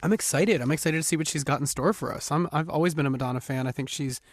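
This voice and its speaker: An American man being interviewed as a guest on the radio, relaxed and laughing easily. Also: a little high, fast, no echo, clean studio sound. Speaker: guest singer.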